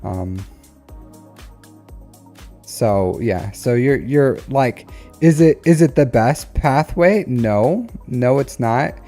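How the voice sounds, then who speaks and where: Casting note: mellow-voiced man, rambly live-stream reviewer, faint music underneath. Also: medium pitch, expressive, drawn-out words, pauses often. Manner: rambling, repeats phrases, frequent "like" and "um". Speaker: streamer giving account reviews. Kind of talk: casual live-stream commentary.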